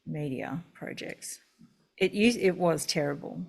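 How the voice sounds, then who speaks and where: Woman host, low voice, rambling chat over a video call. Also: measured pace, creaky. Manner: chatty, rambling, many fillers. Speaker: webinar host.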